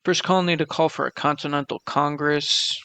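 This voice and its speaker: Gravelly young man reading out facts. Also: on the high side, fairly even intonation, brisk, bright, forceful tone. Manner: reads out facts, swears casually. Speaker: podcast co-host. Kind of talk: casual chat.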